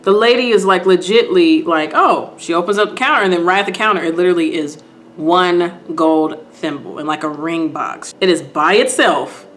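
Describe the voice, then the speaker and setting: A woman vlogger chatting casually in a slangy, animated way as she recaps a show and talks straight to her viewers. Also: lowish voice, normal speed.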